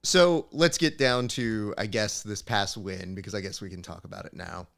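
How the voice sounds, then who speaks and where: A man's voice: lowish voice, normal speed, vocal fry, fairly bright tone. A man hosting a podcast, teasing his guest in casual chat and asking long, winding questions. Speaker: podcast host.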